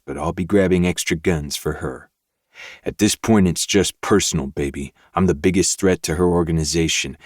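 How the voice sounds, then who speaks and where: A man, the podcast host, narrating a dark novel in first person with steady, measured delivery. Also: very deep voice, dry recording, clean studio sound.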